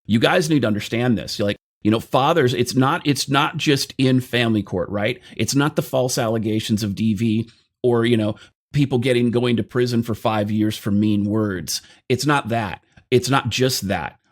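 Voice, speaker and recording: A man's voice: mid-range voice, normal speed. A man hosting a conversation who speaks firmly and directly to his audience, explaining points to them. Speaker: host. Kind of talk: casual conversation, explaining to viewers.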